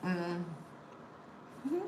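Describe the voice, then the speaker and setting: A woman's voice: fairly low pitch, animated, drawn-out words. A woman comedian hosting a casual live-stream chat, telling stories and reading viewer comments aloud. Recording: roomy sound with faint background noise.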